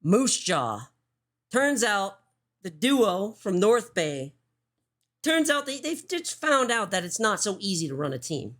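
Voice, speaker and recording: Woman streamer, casual commentary, heavy swearing, mid pitch. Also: very animated, fairly bright tone. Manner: swears often, talks in quick restarts. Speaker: streamer hosting a show.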